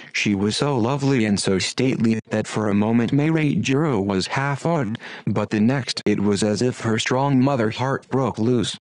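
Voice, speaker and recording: A text-to-speech male voice narrates a classic audiobook at a middling pitch. The sound is close and completely dry, with no room around it. Narration and the characters' lines come out in the same even, mechanical delivery. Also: no echo. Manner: even, flat machine reading of dialogue and narration alike.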